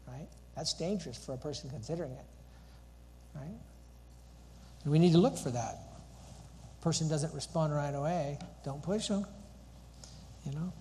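Preacher guy asking question after question, kinda high voice, big echoey hall, faint hiss. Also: moderate pace, long pauses, warm tone. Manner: earnest, asks rhetorical questions. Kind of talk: sermon. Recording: long hall reverb, faint background noise.

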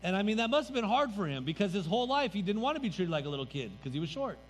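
A man's voice: high-pitched, big pitch swings, very fast. A man pastor preaching a sermon in a church sanctuary, conversational and emphatic, letting his voice drop at the ends of phrases. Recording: reverberant hall, faint music.

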